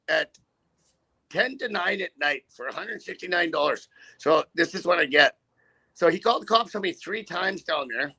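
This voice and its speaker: A man's voice: a little high, bright, forceful tone. A man, a trucker, ranting casually with rambling, profane indignation. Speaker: trucker guest. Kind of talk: casual rant.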